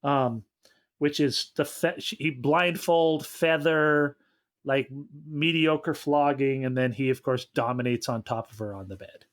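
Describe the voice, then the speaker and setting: A man co-hosting a comedy podcast, giving mocking, animated recaps of a movie's plot. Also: mid-range voice, unhurried. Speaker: co-host.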